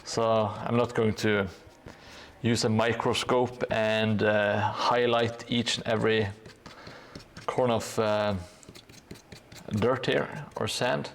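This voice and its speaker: Male hobby streamer, unhurried and hesitant delivery with a dry joking manner, gravel in the voice. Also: on the low side, level tone. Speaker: live streamer building a tabletop gaming board. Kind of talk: casual live-stream chat while painting.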